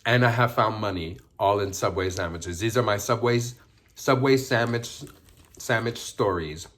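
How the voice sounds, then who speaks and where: A man's voice: on the low side, measured pace, a bit bright. A man vlogging casually while eating a sandwich, chewing as he talks and mixing Spanish phrases into his English. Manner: eats and chews while talking. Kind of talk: casual mukbang vlog.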